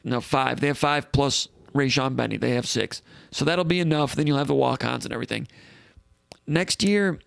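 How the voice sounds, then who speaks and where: A man's voice: medium pitch, normal speed, creaky, a bit bright, clean tone, dry recording, clean studio sound. A man hosting a live call-in sports show in a casual, rambling way, reading out comments and thinking aloud.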